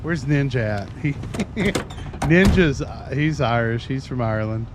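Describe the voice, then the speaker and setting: A man's voice: mid-range voice, normal speed. A man in his thirties chatting casually and at length with his viewers while streaming a game. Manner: chatty, rambling, self-described talker. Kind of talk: casual chat while playing. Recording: noisy stream audio.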